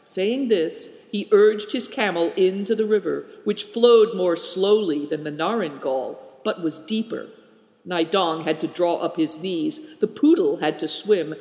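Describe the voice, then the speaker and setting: Guy reading a kids adventure book aloud, high lively voice, echoey room. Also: a little slow. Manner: expressive, animated delivery. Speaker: narrator. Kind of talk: storybook reading. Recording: echoey room with long reverb.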